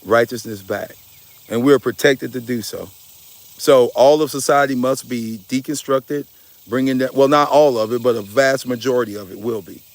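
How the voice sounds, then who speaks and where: A spiritual speaker with a medium-pitched voice talks at normal speed with fairly even intonation, and there's no echo. He sounds preachy and emphatic, his impassioned message laced with casual slang and swearing. He often refers to his listeners as y'all.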